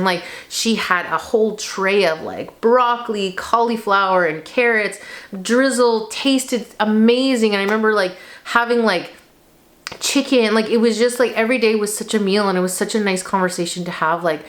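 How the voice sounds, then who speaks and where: A woman's voice: mid-range voice, expressive, moderate pace. A woman in her thirties telling her personal story to camera in a casual, rambling way, full of fillers. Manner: chatty, rambling with many fillers, tearful at moments. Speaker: lifestyle vlogger.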